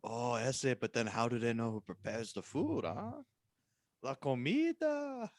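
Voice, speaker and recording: A man putting on the voice of a Mexican restaurant owner, soft and offhand. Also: mid-range voice, very animated, unhurried, no room sound, clean studio sound.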